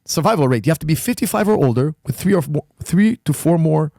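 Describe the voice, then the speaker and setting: A man from Canada, a coach and gym owner, telling a story in casual conversation, emphatic and building to sudden high-pitched outrage. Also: animated, fast, gravelly, a little mellow, no room sound, clean studio sound. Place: podcast studio.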